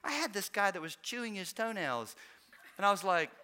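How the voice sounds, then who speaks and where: A man's voice: sits high, animated, fairly quick, sharp tone, slight background noise. A middle-aged man, preaching a sermon in a folksy, storytelling way, acting out the people he quotes and chuckling along. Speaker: pastor.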